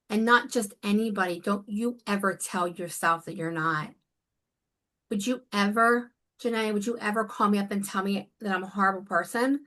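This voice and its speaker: Bright-voiced woman, earnest coach. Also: medium pitch, normal speed. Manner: earnest, emotional, emphatic. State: near tears. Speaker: guest, life coach. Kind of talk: conversational interview.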